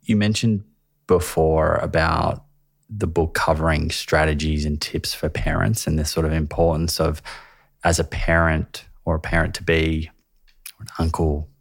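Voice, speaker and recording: Very deep, gravelly-voiced man hosting. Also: little pitch movement, dry recording, clean studio sound. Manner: measured, searching questions with restarts. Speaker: podcast host. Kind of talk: conversational interview.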